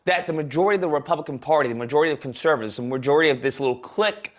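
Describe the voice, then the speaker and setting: A political commentator with a fairly high, animated voice talks rapid-fire on a livestream. His commentary is heated and sarcastic, delivered in long rants.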